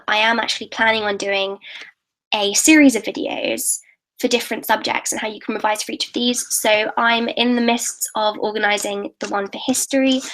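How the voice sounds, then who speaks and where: On a low-quality recording, this English YouTuber in her late teens eagerly answers viewers' questions during a casual live stream. She sounds a little high and a bit bright with some vocal fry, frequently starting her sentences over.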